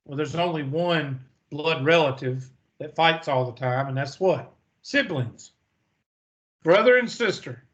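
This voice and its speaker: A man's voice: a little high, a bit bright, dull audio. A man teaching a math lecture in a folksy manner, asking the class questions and answering them himself. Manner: folksy, storytelling, asks and answers own questions. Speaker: math instructor.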